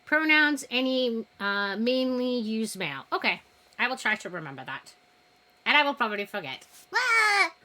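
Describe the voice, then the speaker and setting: A woman hosts a live stream in a bright, slightly tense, higher-pitched voice. She chats casually and rambles a little, laughing often at herself. Her tone stays self-deprecating throughout. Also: lively intonation, moderate pace. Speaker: streamer hosting a poetry night.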